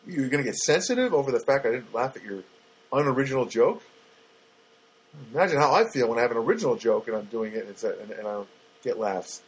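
A comedian talking alone on his podcast in a slightly husky, mid-pitched voice. He wanders from story to story with fillers and restarts, in a wry, self-mocking manner. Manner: rambling, self-deprecating, many fillers and restarts. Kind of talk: rambling comic monologue.

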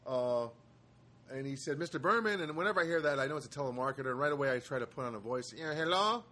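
A man's voice: medium pitch, rapid-fire, bright, forceful tone. A man hosting his own show from a studio apartment, telling stories in a rambling casual monologue with wry asides and many hesitations.

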